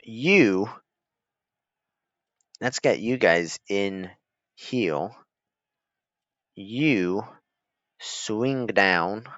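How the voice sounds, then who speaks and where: A man streaming a strategy game, joking and chuckling as he gives orders to his troops. He talks slowly and casually. The sound is dry, dull and lo-fi. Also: lowish voice, fairly bright tone, no room sound. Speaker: gaming streamer. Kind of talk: casual gameplay commentary. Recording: dull lo-fi mic.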